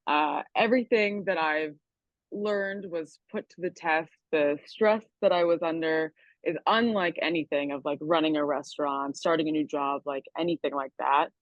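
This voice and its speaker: A woman's voice: low-pitched, moderate pace, no echo. Young woman chef, slightly muffled. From Niagara region, Canada. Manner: chatty, many likes and ums. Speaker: chef guest. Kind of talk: casual interview.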